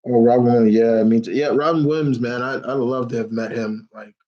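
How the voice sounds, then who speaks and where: A man's voice: medium pitch, steady tone, brisk. A man hosting a live question-and-answer stream. He talks in a rambling, casual way with many restarts, and he gets openly emotional, close to tears. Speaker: host of a live Q&A. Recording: dull lo-fi stream audio.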